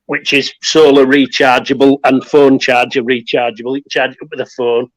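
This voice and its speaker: A man's voice: mid-range voice, flat delivery, moderate pace, no room sound, poor audio. A man from England talking casually on his phone, explaining how to use his heater kit step by step. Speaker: guest survivalist. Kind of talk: casual chat.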